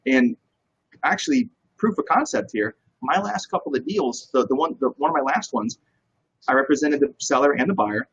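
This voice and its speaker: A man's voice: mid-range voice, normal speed, husky, highs cut off. A man, a real estate broker, talking as a guest in a casual interview and telling stories with lots of energy. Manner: energetic, animated storyteller.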